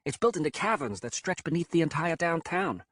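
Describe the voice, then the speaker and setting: A man voicing a brisk, practical young woman leading a rebel band, in a raised pitch. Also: very animated, a bit bright, no echo.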